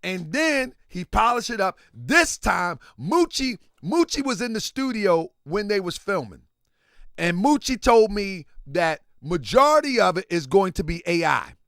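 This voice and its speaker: A man's voice: high-pitched, very animated, unhurried, fairly bright tone, no echo, clean studio sound. A man hosting a livestream, talking casually and animatedly to his chat and repeating himself for emphasis. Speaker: livestream host.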